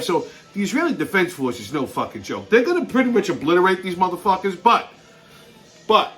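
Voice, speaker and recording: A man's voice: fairly high pitch, fairly bright tone. A man from New York hosting his own channel, ranting bluntly with heavy swearing and stammering restarts. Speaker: channel host. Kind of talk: profane ranting commentary.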